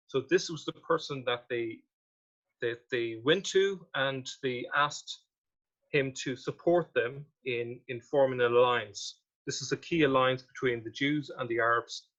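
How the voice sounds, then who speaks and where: A man's voice: mid-range voice, measured pace, a bit bright, dull audio. A man presenting a history talk with slides, reading out old quotations and questioning what they mean. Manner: reads quotations aloud, then questions them.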